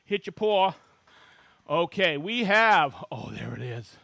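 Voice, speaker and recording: A middle-aged man from Maine hosting a live-streamed tool demo, chatting and reading out where viewers are from with bursts of excitement. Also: high-pitched, slow pace, creaky, no echo. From Maine, USA. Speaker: livestream host demonstrating tools.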